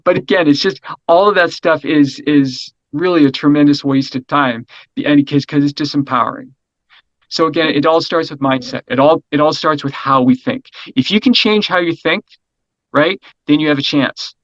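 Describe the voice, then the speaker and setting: Man, middle-aged, interview guest, energetic, rambling, slightly high voice, dry dull recording. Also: normal speed, no room sound. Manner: energetic, rambling, repeats words, frequent "right?". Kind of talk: casual conversational interview.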